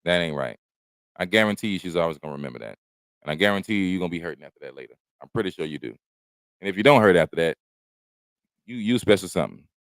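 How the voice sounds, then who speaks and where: A man's voice: sits low, expressive, fast, long pauses, no echo. A man doing a casual stream chat, rambling and cursing freely as he tells stories from home. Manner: rambling, profane, laid-back storytelling. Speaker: comedian hosting his own stream. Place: at home, smoking while chatting.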